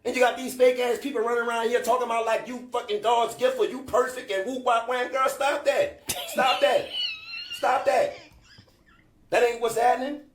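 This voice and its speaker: A man on a live stream delivering a loud, profane rant, scolding and repeating himself for emphasis. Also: very high voice, level tone, fast, hardly any pauses, echoey room, a little hiss or hum.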